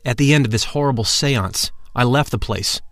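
A man's voice: mid-range voice, moderate pace, a bit bright, no echo, soft background music. Man reading a formal narration, dry sound. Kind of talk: scripted first-person narration.

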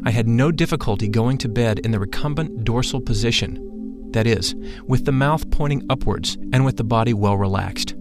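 A man narrating a first-person spoken story in a solemn, measured way. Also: mid-range voice, music in the background.

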